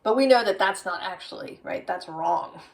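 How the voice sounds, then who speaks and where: A woman's voice: mid-range voice, moderate pace, recorded from a distance, low-quality recording. A woman giving a tarot reading, musing aloud with frequent "right?" tags. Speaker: tarot reader.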